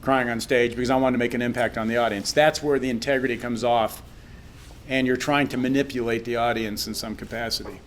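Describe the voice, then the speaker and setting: A man's voice: medium pitch, steady tone, brisk, slight background noise. A man giving a candid, reflective critique of a speech in a casual panel talk, often restarting his sentences. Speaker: public speaking critic on a panel.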